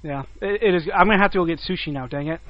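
A man's voice: on the high side, racing, slight background noise. A young American man co-hosting a podcast, laid-back and joking in casual chat. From United States. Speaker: podcast co-host. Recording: dull lo-fi dry mic.

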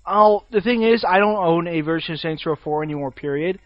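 A man with a high speaking voice chats casually about games, opinionated and quick to laugh. The sound is dry and a bit dull, as if from a cheap mic. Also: no room sound. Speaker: podcast co-host.

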